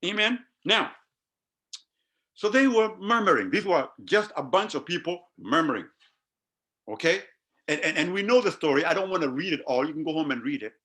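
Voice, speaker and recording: A man preaching a sermon to his congregation, animated and calling out to them, often repeating his words. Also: a little high, normal speed. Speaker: pastor.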